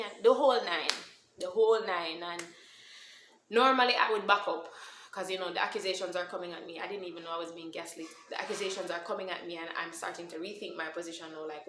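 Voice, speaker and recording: A woman tells a personal story to camera in a casual, animated way and slips into patois now and then. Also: lowish voice, fairly quick, background noise. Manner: animated, switches into Caribbean-style patois when emotional. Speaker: vlogger telling a personal story. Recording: echoey room with faint ambience.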